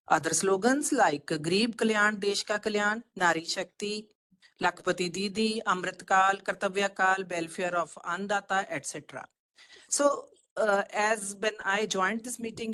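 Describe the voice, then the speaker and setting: A woman with an Indian English accent giving a formal webinar presentation over a video call, listing points in a measured way with frequent fillers. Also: fairly low pitch, fairly bright tone, rough recording. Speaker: webinar speaker, economist.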